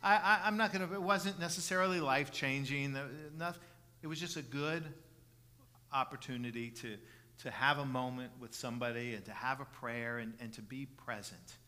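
A middle-aged man preaching a sermon as pastor, earnest, restarting phrases with repeated words and building from soft passages to loud emphatic ones. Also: medium pitch, normal speed. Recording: long reverb of a large hall.

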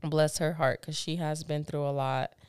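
A woman's voice: deep voice, flat delivery, moderate pace, darkish tone, clear, resonant tone, no room sound, clean studio sound. A woman co-hosting a casual podcast, telling stories in a candid, profane, laughing way. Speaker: podcast co-host. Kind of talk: casual chat.

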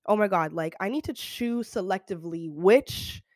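A woman's voice: medium pitch, expressive, normal speed, no room sound, natural voice. Fretful dramatic little bird, put on by a young woman, gushing chatter, dry close sound.

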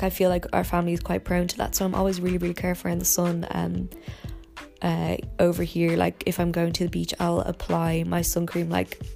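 A tired young woman hosting a podcast, rambling softly from bed with lots of fillers. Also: lowish voice, creaky. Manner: rambling, soft, many fillers and yawns. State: tired, low energy. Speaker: podcast host. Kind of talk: casual personal podcast monologue. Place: in bed at home.

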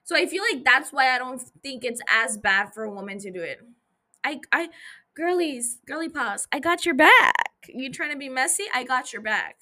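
A woman's voice: high voice, lively intonation, fairly quick, hardly any pauses, pushed and bright. A young woman hosting a podcast into a mic, recapping an episode in a casual, profane, joking way that keeps breaking off into asides. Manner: chatty, profane, jokey, self-interrupting. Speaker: podcast host.

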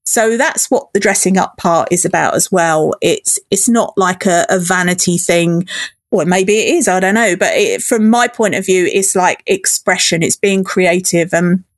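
A woman's voice: lowish voice, moderate pace, no room sound, clean studio sound. A woman talking in a casual interview, bubbly and enthusiastic, often breaking into giggles. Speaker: podcast guest, festival organizer.

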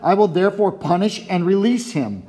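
A man's voice: high-pitched, big pitch swings, moderate pace, dark tone, voice pushed up. A man reading as a weary Roman governor. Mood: measured.

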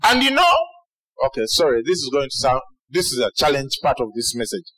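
A man preaching a sermon to a large congregation, animated, with shouted peaks and acted-out quotes. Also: medium pitch, fairly quick, rough recording. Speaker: pastor.

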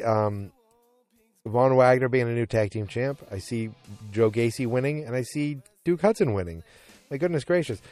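A man's voice: medium pitch, darkish tone, no room sound. A man casually chatting through his wrestling predictions, rambling and hesitant, with many restarts. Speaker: wrestling commentator giving match predictions. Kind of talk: casual chat.

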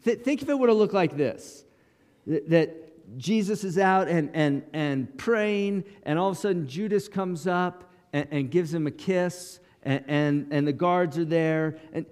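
A man's voice: fairly high pitch, unhurried, darkish tone, long reverb tail. A male pastor preaching a sermon in short, dramatic, emphatic lines.

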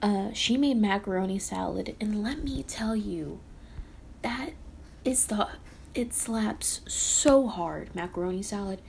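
A young woman ranting casually as a podcast host, rambling and animated, often sighing and cutting herself off. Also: medium pitch, slow, vocal fry, slight background noise. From Texas. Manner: rambling and animated, with sighs and self-interruptions. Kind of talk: casual rant.

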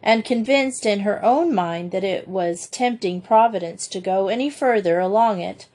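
A woman reading a children's school story aloud in a measured, expressive way. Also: mid-range voice. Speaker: audiobook narrator.

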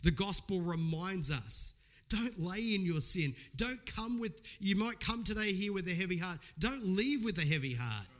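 Middle-aged male pastor, fairly high voice, earnest conversational sermon delivery. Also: animated, normal speed, fairly bright tone. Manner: earnest, conversational preaching with personal stories.

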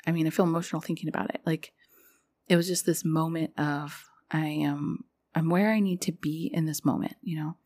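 A woman's voice: deep voice, steady tone, normal speed, a little mellow. A young woman hosting a podcast, talking in a rambling, confessional way with lots of fillers. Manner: rambling, confessional, heavy use of "like". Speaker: podcast host. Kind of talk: casual spiritual podcast monologue.

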